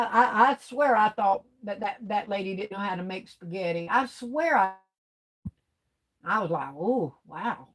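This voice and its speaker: A middle-aged woman with a drawl runs a relaxed livestream. She reads viewer comments aloud and chats back to them. She laughs often and calls people baby and girl. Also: mid-range voice. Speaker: livestream host. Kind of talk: casual livestream chat reading viewer comments.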